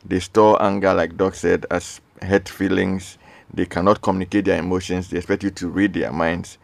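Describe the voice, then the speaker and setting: A man's voice: low voice, flat delivery, normal speed, gravelly, no echo. A man hosting a radio call-in show, earnestly reading out listener messages and repeating his requests. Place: radio studio.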